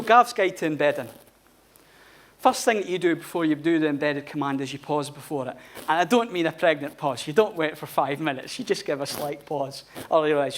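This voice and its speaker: A man's voice: on the high side, slight background noise. A man giving a live conference talk in a blunt, informal manner, swearing freely. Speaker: conference speaker. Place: conference hall.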